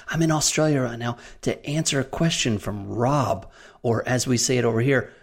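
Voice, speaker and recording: A man hosts a relaxed podcast in an easygoing, joking way. He reads out a listener's question in a plain, mid-range voice. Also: medium pitch, moderate pace. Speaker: podcast host. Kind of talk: casual podcast chat.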